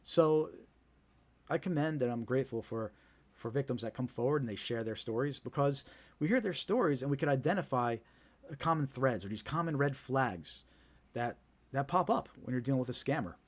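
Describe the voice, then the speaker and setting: A man's voice: mid-range voice, lively intonation, normal speed. Chatty New Jersey man hosting a live stream. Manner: chatty and conversational, many fillers and repeated starts. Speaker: host of a scam awareness live stream. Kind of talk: casual live-stream chat.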